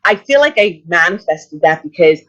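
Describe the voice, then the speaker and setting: A woman in her fifties, an actress guest telling excited stories in a casual interview. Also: fairly low pitch, normal speed. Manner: excited, gushing storyteller. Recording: slightly muffled audio.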